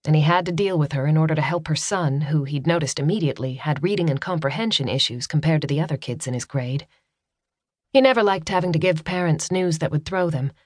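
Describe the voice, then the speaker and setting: A woman narrating a romance novel in a steady, measured audiobook reading. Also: low-pitched, no room sound, clean studio sound. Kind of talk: scripted narration.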